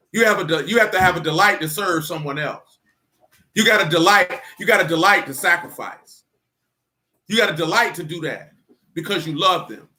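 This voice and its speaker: A man delivers an informal sermon in a high, bright voice. He talks colloquially and leans hard on his points, slowing down to stretch out the key phrases. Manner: emphatic, colloquial, drawn-out stressed phrases. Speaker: teacher in a religious assembly.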